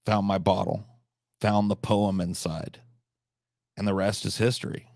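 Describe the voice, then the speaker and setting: A man hosting a live stream, telling rambling, absurd comic stories with deadpan delivery and profane asides. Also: lowish voice, measured pace, vocal fry, no echo, studio quality. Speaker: livestream host.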